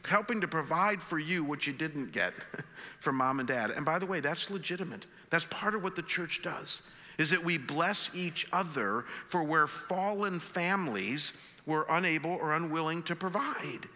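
A middle-aged male pastor preaching with a very bright, forceful voice pitched a little high. He speaks earnestly and conversationally, often stumbling over restarts. The sound carries a long reverb from the church sanctuary. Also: animated, moderate pace. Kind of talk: sermon.

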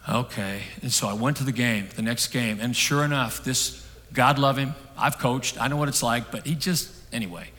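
A middle-aged man preaching a sermon, telling a story that swings from hushed and soft to loud. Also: medium pitch, normal speed. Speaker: pastor. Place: church hall. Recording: long hall reverb.

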